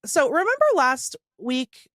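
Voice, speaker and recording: A woman co-hosting a podcast with a high, very lively voice that swoops up and down. She chimes in often and tells stories animatedly, recorded close and dry. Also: no echo. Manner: quick agreeing interjections, animated. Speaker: podcast co-host. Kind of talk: casual chat.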